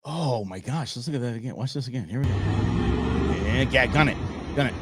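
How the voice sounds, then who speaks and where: A man's voice: medium pitch, lively intonation, moderate pace, very noisy. A man hosting a show, casually commenting on clips and exclaiming and laughing at what he sees. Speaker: show host.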